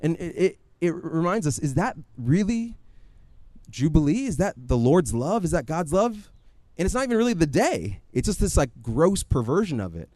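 A man preaching a sermon in a conversational, animated storytelling way, often acting out his own asides. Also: fairly high pitch, normal speed, no echo. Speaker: pastor.

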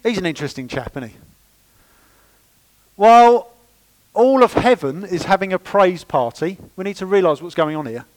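A man preaching a sermon in church, lively and conversational with playful asides. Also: high-pitched, normal speed, poor audio. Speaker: pastor.

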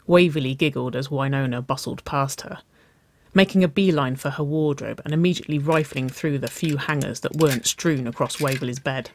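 A narrator reading a story aloud in a slow, measured way. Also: mid-range voice, dry recording.

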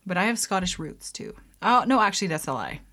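A woman with a fairly low, sing-song voice and a sharp tone talks fairly quickly while mixing a drink at home for her vlog. Speaking casually to camera, she rambles with many "like"s and "um"s, giggling and poking fun at herself.

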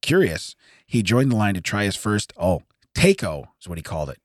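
A man's voice: fairly low pitch, sing-song, no room sound, studio quality. A man in his forties co-hosting a podcast, reading news items aloud and laughing often as he stumbles over the text. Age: 40s. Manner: laughs often, reads haltingly. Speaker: podcast co-host. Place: podcast studio.

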